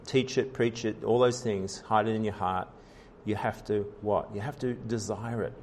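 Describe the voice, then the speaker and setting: A man's voice: fairly low pitch, steady tone, moderate pace, hardly any pauses, a little mellow, a little hiss or hum. A man preaching a sermon as pastor, in an earnest style with frequent fillers, restarts and rising emphasis.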